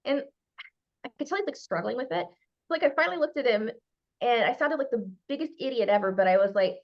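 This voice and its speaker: Woman, middle-aged, expert workshop speaker, higher voice, very lively pitch, muffled lo-fi call audio. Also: a little fast. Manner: animated, acts out quotes. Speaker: expert speaker on brand messaging.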